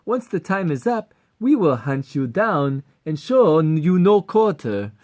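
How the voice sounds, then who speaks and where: A man doing a vain, shrill military general. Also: big pitch swings, takes it slowly. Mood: haughty threatening. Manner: haughty, loud and raised in pitch. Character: vain, high-strung male military general. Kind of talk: amateur voice acting audition.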